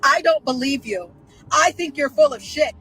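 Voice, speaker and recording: A woman putting on the voice of a two-faced authority figure who coaxes someone to come closer for a private talk, hushed and insincere. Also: sits high, animated, normal speed, soft background music, low-quality recording. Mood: coaxing, hushed.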